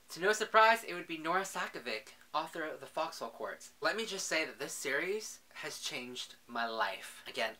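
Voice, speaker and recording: A man's voice: a little high, pushed and bright. A young man in a casual book vlog, talking in a chatty, gushing way and often saying "literally". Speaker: book vlogger.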